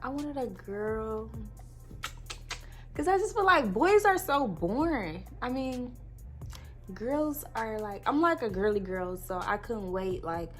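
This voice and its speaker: A woman's voice: on the high side, expressive, takes it slowly, a bit bright, faint music behind. A woman in her twenties telling an emotional story on her vlog. She talks tearfully, laughs through the tears and rambles with many fillers. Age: 20s. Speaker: vlogger.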